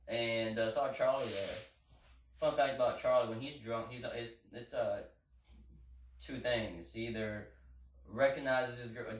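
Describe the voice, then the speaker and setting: A man co-hosting a casual podcast, rambling through a story and questioning himself as he goes. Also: medium pitch. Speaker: podcast co-host. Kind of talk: casual chat. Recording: echoey room, distant mic, faint noise.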